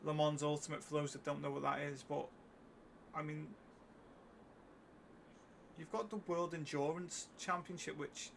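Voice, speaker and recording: A man's voice: on the high side, steady tone, unhurried, gravelly, long pauses, a little hiss or hum. A man streaming a racing game, ranting in an exasperated, sarcastic way. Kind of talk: live gameplay stream chat. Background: loud music and car engine sounds.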